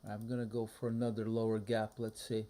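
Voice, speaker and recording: Man with a dark, mellow voice. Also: completely flat delivery. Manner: muttering thoughts aloud, low-key and halting. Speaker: day trader streaming a live trading room. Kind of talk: casual live market commentary.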